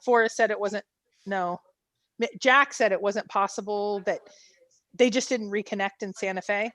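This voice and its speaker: A woman's voice: medium pitch, normal speed, a bit bright, dry recording. A woman co-hosting a casual online panel, telling rambling anecdotes between laughs over a call mic. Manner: chatty storytelling with laughs. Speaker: panel host.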